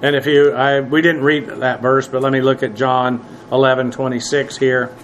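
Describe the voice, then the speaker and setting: A man teaching a sermon verse by verse, plain-spoken and halting, with many fillers and self-corrections. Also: medium pitch, flat delivery, a little hiss or hum, poor audio. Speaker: pastor.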